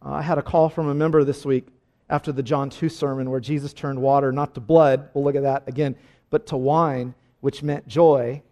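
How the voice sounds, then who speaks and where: A male pastor preaching a sermon emphatically, dropping to soft asides and rising to loud exclamations. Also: mid-range voice, fairly even intonation, normal speed.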